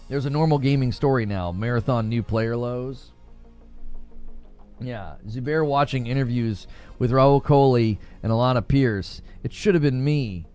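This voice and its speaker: A man's voice: medium pitch, measured pace, darkish tone, smooth, soft background music. A man hosting a casual gaming livestream, joking around, laughing often and answering his chat. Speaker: livestream host.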